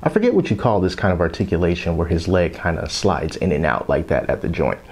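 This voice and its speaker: Casting: man, thirties, lower voice, very lively rambling toy-review chatter, some whispered asides. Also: fast talker, slightly rough. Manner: chatty, rambling, drops into whispers so as not to wake his kids. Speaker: toy collector vlogger.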